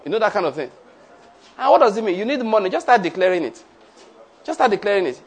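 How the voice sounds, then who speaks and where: High-voiced emphatic preacher man. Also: big pitch swings, fast talker, pauses often. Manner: emphatic, leads congregation in repeated declarations. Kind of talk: sermon with call-and-response.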